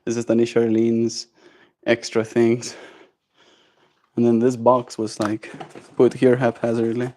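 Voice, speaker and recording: A man's voice: medium pitch, monotone, a little slow, pauses often, noisy background. A man chats through his daily vlog in a laid-back, slangy way. His delivery is loose and conversational, like a streamer talking to viewers. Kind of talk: casual vlog commentary.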